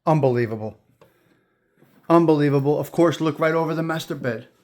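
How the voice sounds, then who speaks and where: A man's voice: on the high side, fairly even intonation, quick pace, a little mellow. Man walking through an old house. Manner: admiring, repeats words, talks to viewers. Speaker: host giving a house tour. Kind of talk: walking house tour, casual chat. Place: inside an old house, walking between rooms.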